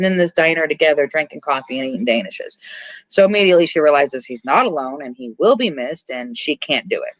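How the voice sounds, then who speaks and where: A podcast host casually recapping a horror movie's plot, animated and quick to swear. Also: medium pitch, no echo, low-quality recording. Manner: animated storytelling, frequent swearing.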